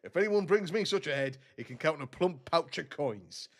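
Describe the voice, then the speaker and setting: A man's voice: a little high, expressive, normal speed. A man voicing a boastful, coarse male bandit boss reading out his own notice in a swaggering way.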